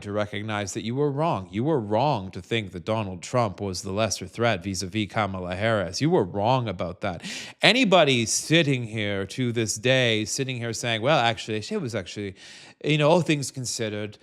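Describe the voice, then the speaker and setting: Profane, ranting man with a low voice. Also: a bit bright. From United States. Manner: heated, profane, lots of fillers and restarts. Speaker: political commentator. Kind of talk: direct-to-camera rant.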